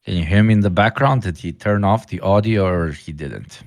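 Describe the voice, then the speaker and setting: A man in casual livestream banter who jokes crudely, swears constantly and jumps into loud bursts. His voice sits low for a man. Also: brisk, dry recording, studio quality. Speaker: livestream guest and debater.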